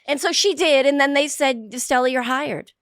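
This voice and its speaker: Woman, fifties, Boston accent, blunt and salty, higher register, dry close studio sound. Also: moderate pace, dry recording. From Boston area, United States. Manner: blunt, salty storyteller with lively quoted voices. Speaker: guest, actress. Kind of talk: casual interview chat. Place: podcast studio.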